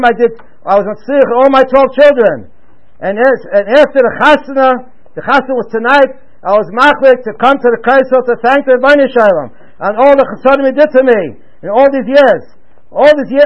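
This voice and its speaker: A man's voice: extremely high pitch, muffled recording. A man voicing an earnest, grateful middle-aged father in a religious story.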